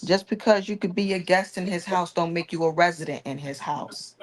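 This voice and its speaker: A woman co-hosting a live debate, explaining her view in a firm, steady, lecturing way. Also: fairly low pitch, fairly quick.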